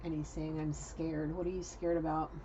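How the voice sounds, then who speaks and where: A woman's voice: sits low, flat delivery, fast, mellow, highs cut off, slight background noise. A woman giving a casual channeled tarot reading, chatty and blunt, swearing freely. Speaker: tarot card reader.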